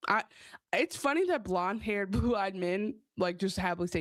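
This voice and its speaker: A woman's voice: medium pitch, normal speed, no room sound. A woman co-hosting a casual podcast, chatting about a TV episode and reading viewer comments aloud. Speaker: podcast co-host. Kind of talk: casual recap chat.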